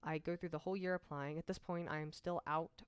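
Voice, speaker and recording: A young woman from Mississippi speaks straight to camera, telling her own story in a candid, frank manner. Her voice sits a little low for a woman and sounds dry and close, with no room echo. She keeps it conversational and throws in self-deprecating asides. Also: fairly even intonation, fast talker, smooth. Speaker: vlogger.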